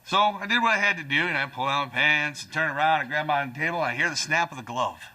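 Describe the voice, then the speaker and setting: Animated man in his forties doing stand-up. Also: fast talker. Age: 40s. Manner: animated, jumps to high voices for acted-out lines. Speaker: stand-up comedian. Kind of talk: stand-up routine.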